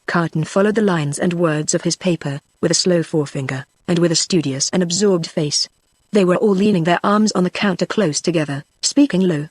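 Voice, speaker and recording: A woman's synthetic text-to-speech voice with a British accent, giving a steady, even audiobook narration. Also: fairly low pitch, fairly quick, husky, no echo. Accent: British English. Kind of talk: scripted narration.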